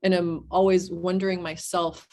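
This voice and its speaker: A woman's voice: on the low side, level tone, normal speed, darkish tone. A woman speaking casually on a group call, thinking aloud with frequent restarts. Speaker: call participant.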